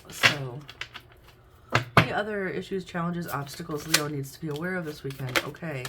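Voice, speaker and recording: A woman's voice: low-pitched, moderate pace. A woman giving a casual tarot reading at home, chatty, with frequent "um"s and "okay?"s. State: hiccups. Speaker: tarot reader. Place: home room with window open. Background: faint noise from outside.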